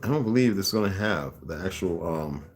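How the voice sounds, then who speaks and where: Older man, low voice, rambling, halting, faint music behind. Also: animated. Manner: rambling, halting, repeats words while fiddling with a device. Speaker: livestream host. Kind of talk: casual livestream talk.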